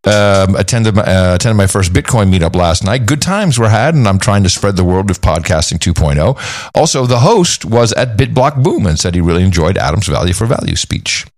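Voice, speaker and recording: A man's voice: fairly low pitch, expressive, no room sound, clean studio sound. A man hosting a podcast in casual chat, reading out listener support with a playful, upbeat manner. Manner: upbeat, playful, quick to laugh. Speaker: podcast host.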